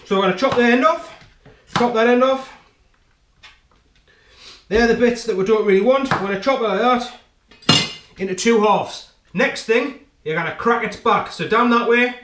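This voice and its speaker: His voice sits high and a bit bright as this man hosts a home cooking show and shows how to chop. He jokes around and talks directly to the viewer, peppering his chat with "right?", while the kitchen echoes and carries faint noise.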